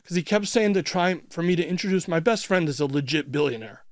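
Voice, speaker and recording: Blunt, higher-voiced man telling a story. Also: lively intonation, no echo, studio quality. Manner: blunt, swears freely, retells events in quick clipped phrases. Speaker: interview guest. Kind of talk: casual storytelling. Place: radio studio. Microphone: studio microphone.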